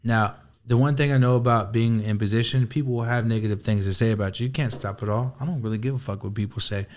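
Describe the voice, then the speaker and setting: A man in casual podcast talk at a middle pitch, telling his story with animated energy. His speech is loaded with slang and swearing, and he acts out his own reactions as he goes. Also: quick pace. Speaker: podcast guest. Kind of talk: casual chat.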